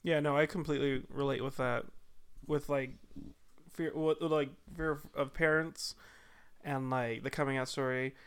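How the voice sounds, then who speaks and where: A man co-hosts a casual podcast at a middle pitch. He chimes in with playful jokes and easy, relatable chatter. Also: fairly even intonation, clear, resonant tone. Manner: playful, quick, joking. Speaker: podcast co-host. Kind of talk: casual chat.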